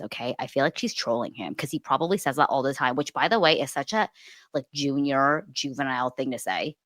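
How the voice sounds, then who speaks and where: A young woman co-hosting a podcast, gossiping in an animated way, swearing freely and laughing often. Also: very deep voice, a little fast, no room sound. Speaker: podcast co-host. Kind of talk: casual gossip chat.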